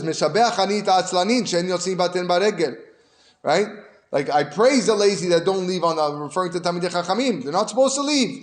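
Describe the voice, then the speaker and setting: A man teaching as a rabbi, his voice sitting a little high. He tells the story with feeling and climbs sharply when he makes a point. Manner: storytelling, rises animatedly for emphasis. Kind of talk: Torah lesson.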